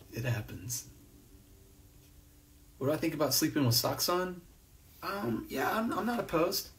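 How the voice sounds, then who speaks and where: A man's voice: on the high side, sing-song, measured pace, fairly bright tone, far from the mic. A man hosting a casual live stream, reading viewer comments and chatting in a rambling, laid-back way with lots of fillers and restarts. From New Jersey. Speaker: host. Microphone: phone or webcam on a live stream.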